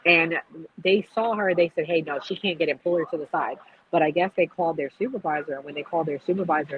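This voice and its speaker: A woman's voice: lowish voice, narrow, tinny audio, slight background noise. A woman hosting a podcast, telling what she saw in a chatty, gossipy way. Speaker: podcast host. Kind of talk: casual podcast chat.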